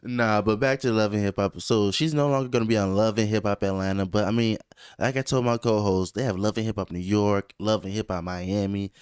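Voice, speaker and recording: A man's voice: on the low side, fairly even intonation, fairly quick, a little mellow, smooth, no room sound, clean studio sound. Laid-back man hosting a podcast. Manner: laid-back, laughs often. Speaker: podcast host. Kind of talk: casual podcast chat.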